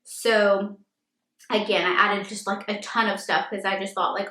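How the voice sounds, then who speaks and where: Speaking at a moderate pace with a sharp tone and medium pitch, a first-time mother in her thirties fields viewer questions in a chatty Q&A vlog. The room is echoey, and "like" pops up constantly in her talk.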